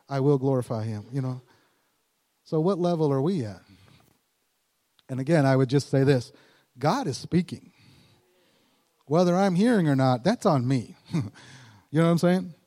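Male preacher, chatty sermon delivery, slightly high voice with a mellow tone, long hall reverb. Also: lively intonation, moderate pace, long pauses. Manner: conversational, chuckles often, acts out quotes.

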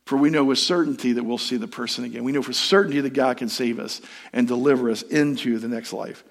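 A man's voice: mid-range voice, fast, creaky. A man, a pastor, preaching a sermon in a storytelling, conversational way and putting questions to the congregation.

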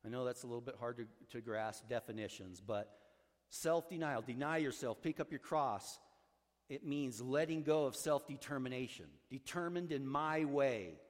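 A male pastor preaching a sermon, swinging between loud urging and hushed, low passages. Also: big-room sound.

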